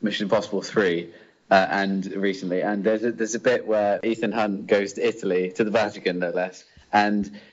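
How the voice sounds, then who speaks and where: A man's voice: on the low side, steady tone, moderate pace. A man co-hosting a podcast, making dry, wry remarks and stumbling over his first words. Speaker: podcast co-host. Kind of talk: casual chat. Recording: dull lo-fi podcast audio.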